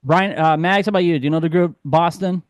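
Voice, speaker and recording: A man's voice: fairly high pitch, fast talker, no room sound, studio quality. A man hosting a podcast in casual chat, rambling and correcting himself, laughing easily. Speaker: podcast host.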